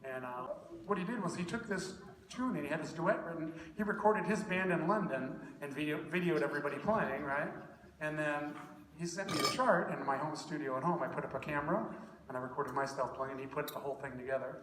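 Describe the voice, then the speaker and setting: A man's voice: a little high, fast, a little hiss or hum. A middle-aged man, a guest trumpet soloist, chatting and joking on stage at a concert in a rambling way, often correcting himself. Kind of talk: onstage banter at a concert. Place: school concert hall stage. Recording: echoey hall, taped from far off.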